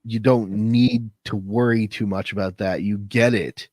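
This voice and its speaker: Low-voiced man, thoughtful podcast guest. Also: steady tone, a little slow, a little mellow, no room sound. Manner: thoughtful, searching for words with fillers. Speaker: editor and literary coach. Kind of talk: casual podcast chat.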